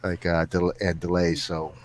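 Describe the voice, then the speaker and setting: A man's voice: deep voice, level tone, normal speed. A man chatting casually as a podcast guest over a remote call, rambling and joking with frequent laughs. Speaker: guest actor.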